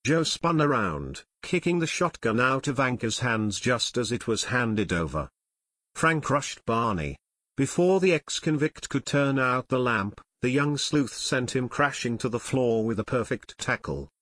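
A male audiobook narrator tells the story in a steady, measured way. His voice sits at mid pitch and is recorded dry and close, with no room sound. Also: dry recording. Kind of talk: scripted narration.

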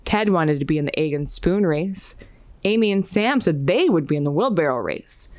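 A woman reading a children's picture book aloud with an expressive, lilting storybook delivery. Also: low voice, normal speed, no room sound.

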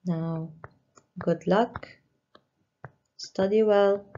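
A woman teacher slowly walking young pupils through a worksheet, patiently stressing each word. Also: mid-range voice, fairly even intonation, mellow, a little hiss or hum. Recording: dull lo-fi recording.

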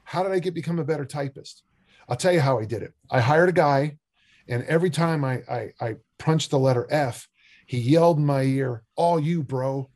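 An older man who coaches strength and discus is a guest on a podcast interview, telling joking stories. His voice is fairly high and a little fast, and he comes across as an animated storyteller.

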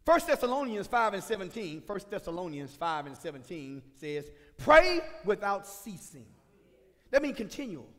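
A man preaching a sermon as pastor, swinging from shouted points to chatty asides with the congregation. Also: high-pitched, sing-song, moderate pace. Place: church sanctuary. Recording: reverberant church sanctuary.

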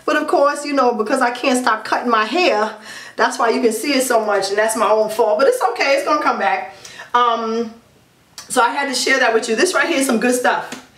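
A woman's voice: on the high side, a little fast, fairly bright tone. A woman talking through her hair care routine in a casual review vlog, emphatic and chatty with many ums and repeats. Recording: echoey room, distant mic.

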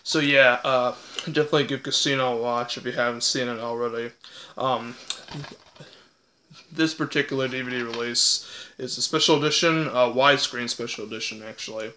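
Young male vlogger, bright and flat, loose rambling delivery full of fillers. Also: mid-range voice, moderate pace. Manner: rambling with many fillers and restarts. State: hiccups. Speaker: vlogger reviewing a film. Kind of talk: casual unscripted review. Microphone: tablet or phone.

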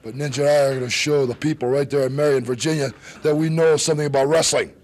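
A man's voice: a little high, steady tone, fast, a little mellow. A man cutting a wrestling promo, bluntly threatening his rivals.

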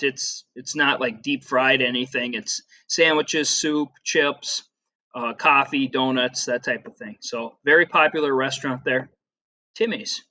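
A man's voice: on the high side, sharp tone. A middle-aged man teaching a casual classroom lesson over slides, chatty and rambling with lots of fillers and asides.

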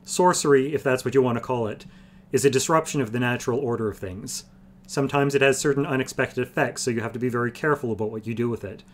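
A man's voice: medium pitch, fast, natural voice. A man voicing an ancient, wry old male sorcerer who explains things blandly and patiently. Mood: wry explaining.

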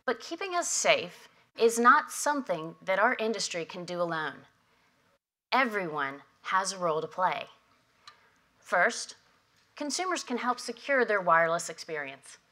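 A woman delivering prepared opening remarks at a conference, measured and emphatic, at a podium microphone. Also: medium pitch, animated, bright, forceful tone. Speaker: industry association head giving opening remarks. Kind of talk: prepared keynote speech. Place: conference hall.

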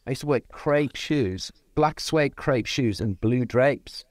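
A man in his fifties, a podcast guest, chatting casually and playfully and telling stories with lively energy. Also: mid-range voice, takes it slowly, no echo, studio quality. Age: 50s. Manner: playful, animated storyteller.

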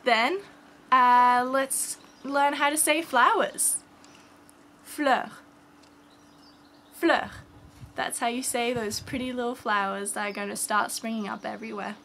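A young woman from France teaching children simple French words in an upbeat, encouraging way, repeating each word slowly. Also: a little high, steady tone, gravelly, pushed and bright, a little hiss or hum. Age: young adult. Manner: upbeat, encouraging, slow repetitions. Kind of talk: kids' language lesson.

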